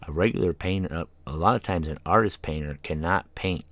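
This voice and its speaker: Very deep-voiced man rambling on the radio. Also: a little fast, a bit bright, no echo. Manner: rambling, tangent-prone, with many fillers and yawns. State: tired, yawning. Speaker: radio show host. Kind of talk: casual rambling monologue. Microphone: studio microphone.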